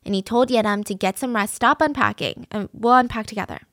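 A woman's voice: fairly high pitch, brisk, a bit bright, dry recording, studio quality. Earnest woman telling a true crime story. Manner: earnest, emotionally moved, conversational.

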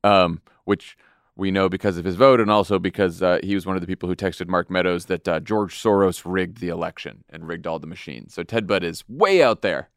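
A man's voice: low-pitched, brisk, clean tone, no echo, clean studio sound. A man hosting a podcast, talking politics in a conversational, wry way. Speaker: podcast host. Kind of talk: casual political chat.

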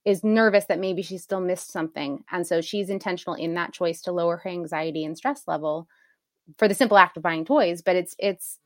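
A woman's voice: lowish voice, a little fast, dry recording, clean studio sound. A woman in her thirties co-hosting a casual chat, explaining her points and laughing easily. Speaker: podcast co-host.

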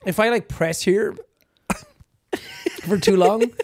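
A man's voice: sits high, slow pace, no echo. A young man co-hosting a podcast, talking casually and animatedly, prone to slipping into impressions. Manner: chatty, animated storyteller who breaks into impressions. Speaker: podcast co-host. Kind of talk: casual chat.

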